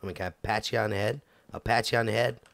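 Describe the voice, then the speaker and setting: A man's voice: lowish voice, fairly even intonation, quick pace, vocal fry, fairly bright tone, no echo. A man giving casual let's-play commentary, goofy and chatting to the game characters as he plays. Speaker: gameplay commentator.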